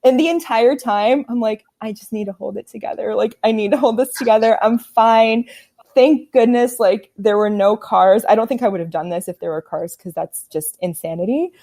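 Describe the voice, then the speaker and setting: A woman in her twenties telling a story as a podcast guest, animated and laughing often, with lots of "like" fillers. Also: fairly high pitch, moderate pace. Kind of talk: casual chat.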